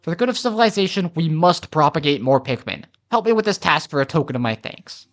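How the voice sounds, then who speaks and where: A man voicing a gentle male botany enthusiast from a video game, earnest and dreamy. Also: a little high, expressive, quick pace, pitched above the performer's own voice.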